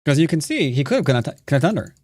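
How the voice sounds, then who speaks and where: A man's voice: a little high, very animated, racing, darkish tone, no room sound. A man teaching Go while he plays a game live, commenting with jokes and silly asides. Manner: playful, jokey, breaks into silly sing-song nonsense.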